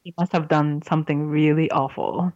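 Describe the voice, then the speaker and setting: A podcast host tells a joke in chatty style, pausing to explain words and laughing often. Her voice is low for a woman. The recording is dry and dull, with a lo-fi sound. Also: fairly even intonation, darkish tone, no room sound. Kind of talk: casual chat, telling a joke.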